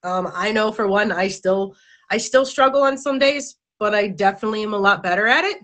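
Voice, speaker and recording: A woman's voice: medium pitch, fairly quick, fairly bright tone. A woman hosting a live-stream talk show, chatty and giggly, stumbling over her words as she reads out viewer comments. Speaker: host.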